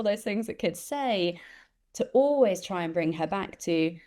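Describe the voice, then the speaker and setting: Woman in her 30s, mellow low voice, tells stories and does the voices. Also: moderate pace. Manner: animated storyteller, acts out quoted voices. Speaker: interview guest, empathy expert. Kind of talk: conversational storytelling.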